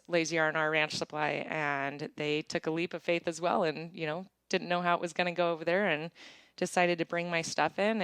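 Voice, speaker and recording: Woman, low voice, smooth, chatty, animated storyteller, dry close sound. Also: dry recording. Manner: chatty, animated storytelling with bright acted-out quotes. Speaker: apparel business founder, guest. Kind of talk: casual interview chat. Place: small town in Montana.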